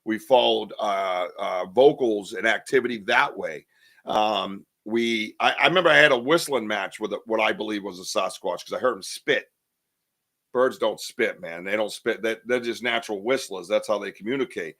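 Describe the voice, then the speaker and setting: Male host. Bright, lively, joking, casual swearing. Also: lowish voice, normal speed. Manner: animated, joking, swears casually, laughs often. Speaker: podcast host. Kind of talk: casual chat.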